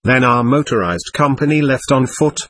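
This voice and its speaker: A male narrator with a husky, slightly breathy voice reads a wartime memoir in a steady, solemn way. His pitch sits in an ordinary middle range, and the recording is close and dry, with no room sound. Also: normal speed, dry recording. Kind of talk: audiobook narration of a war memoir.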